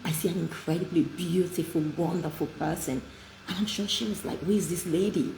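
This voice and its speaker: A woman's voice: lowish voice, fairly even intonation, brisk, vocal fry. A woman hosting an inspirational talk, telling stories in an emphatic, heartfelt way. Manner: warm, emphatic storytelling. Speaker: host. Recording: echoey room with light noise.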